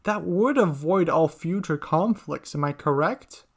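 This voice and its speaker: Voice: medium pitch, animated, unhurried, breathy edge. A narrator voicing an eager young male hero who reasons things through. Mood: reasoning.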